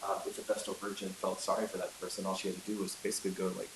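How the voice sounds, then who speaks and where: A man's voice: sits low, little pitch movement, rapid-fire. A man teaching a class in a chatty storytelling way, with many fillers and asides, recorded in an echoey room with hiss. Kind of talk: casual classroom lecture.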